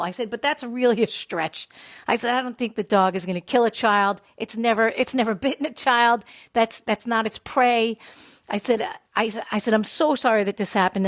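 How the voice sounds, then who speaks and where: A woman telling a casual personal story about her dog, animated, acting out the voices of the people in it. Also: medium pitch, dry recording. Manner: animated, acts out quoted voices. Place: New York City.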